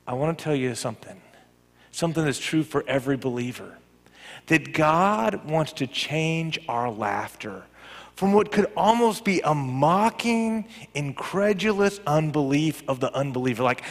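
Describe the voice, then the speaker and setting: A middle-aged male preacher with a fairly high voice gives a chatty, animated sermon. He slips into quick mimicked reactions as he talks. His words ring out with a long hall reverb. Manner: conversational, animated, acts out little quoted reactions. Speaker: pastor and college professor.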